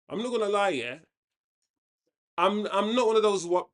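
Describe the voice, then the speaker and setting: A man's voice: sits high, animated, moderate pace, pauses often, fairly bright tone. A man hosting a football watchalong, talking casually and giving opinionated commentary with frequent restarts. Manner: chatty, opinionated, often restarts sentences. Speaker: watchalong host.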